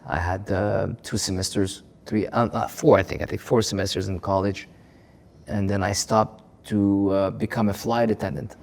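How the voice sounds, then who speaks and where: A man with a somewhat low voice speaks as a guest on a podcast. He tells stories with lively energy, doubling back on words and breaking into laughter. His tone is open and emotional throughout the conversation. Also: normal speed, creaky. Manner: animated storyteller, repeats words, laughs often. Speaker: comedian guest. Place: podcast studio.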